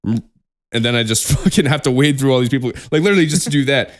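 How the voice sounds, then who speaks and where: Animated, swearing young podcast host. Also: male voice, mid-range voice, fast talker. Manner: animated, profane, laughs often. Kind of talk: casual chat.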